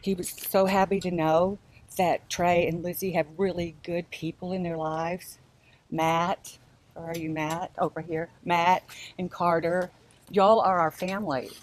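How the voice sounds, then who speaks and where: A woman's voice: lowish voice, level tone, unhurried, a little hiss or hum. An older woman giving a chatty eulogy in a church, laughing as she shares stories. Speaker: family member giving a eulogy. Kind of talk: memorial speech.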